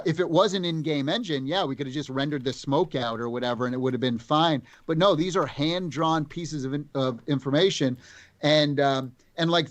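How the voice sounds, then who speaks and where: Game developer guest, man, slightly high voice, animated stories with many restarts, dry close sound. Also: no echo. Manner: animated storytelling, full of restarts. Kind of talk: casual chat.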